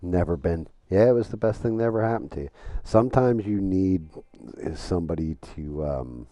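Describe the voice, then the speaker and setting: A middle-aged man with an extremely low, dark voice, chatting on a live game stream. He swears often and tells long, rambling stories full of restarts. The sound is dry and close. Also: animated, moderate pace, no echo. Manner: profane, storytelling, rambling with restarts. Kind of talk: casual live-stream chat while gaming.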